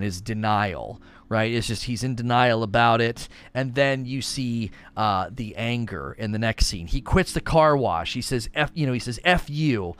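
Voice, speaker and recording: A man giving a casual spoken review who talks with many fillers and restarts and rises in pitch when he gets excited. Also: smooth. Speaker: show reviewer.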